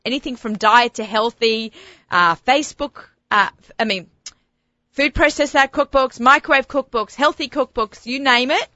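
A woman with an Australian accent hosting a radio talk show, chatty and enthusiastic with quick laughs. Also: high voice, sharp tone, no echo, muffled recording. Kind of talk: casual radio interview. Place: radio studio.

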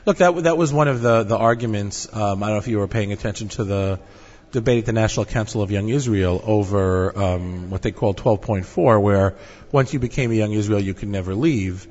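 A man in a mid-range voice leads the interview, talking conversationally and pausing on fillers. His voice sounds dull and carries a long echo. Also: lowish voice, a little mellow. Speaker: interview host. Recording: echoey dull room audio.

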